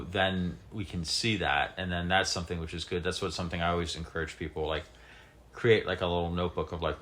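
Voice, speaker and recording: Deep-voiced reflective man. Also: a bit bright, slight background noise. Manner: thoughtful, reflective, many fillers. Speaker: podcast co-host. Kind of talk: casual podcast chat.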